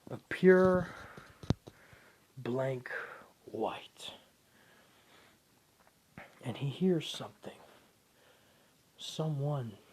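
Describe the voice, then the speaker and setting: A man narrating a fan story in a slow, half-whispered storytelling manner. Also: medium pitch, darkish tone, a little hiss or hum. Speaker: fan fiction reader.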